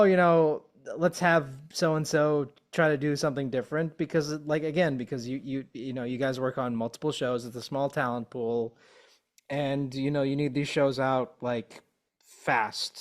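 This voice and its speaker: A man hosting a podcast interview, talking casually and rambling with lots of filler words. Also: mid-range voice. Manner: rambling, peppered with "like" and "you know". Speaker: podcast host.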